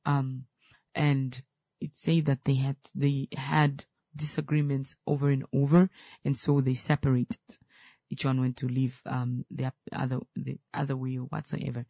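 A man's voice: medium pitch, level tone, moderate pace, creaky, warm tone, dry recording, studio quality. A man hosting an advice show, speaking earnestly about family conflict and repeating his key points for emphasis. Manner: quotes scripture, then explains it plainly. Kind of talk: advice talk.

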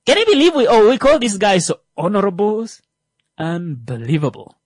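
A man doing stand-up comedy, animated, full of fillers and restarts, swinging between loud rising jokes and muttered asides. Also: high voice, moderate pace, no echo.

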